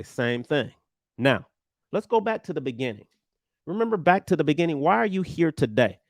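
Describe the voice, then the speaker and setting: A man teaching an energetic online trading lesson, animated, emphatic and blunt with his viewers. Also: mid-range voice, no room sound, clean studio sound. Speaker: trading coach.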